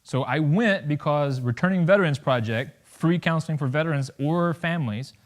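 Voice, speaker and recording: A man's voice: on the high side, moderate pace. A man in his thirties, a veteran giving a public talk to an audience, blunt and joking, acting out conversations as he tells them. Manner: blunt, joking, acts out dialogue with wide swings of loudness. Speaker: veteran speaker.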